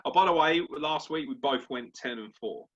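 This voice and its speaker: A man co-hosting a casual sports podcast, swearing freely and bantering in an animated, crude way. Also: medium pitch, normal speed, slight background noise. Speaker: podcast co-host. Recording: dull lo-fi podcast audio.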